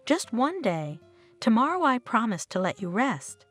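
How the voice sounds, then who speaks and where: A woman reading the lines of a gentle, worried young husband in a story. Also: on the high side, sing-song, a little slow, soft background music, full character voice. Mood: pleading.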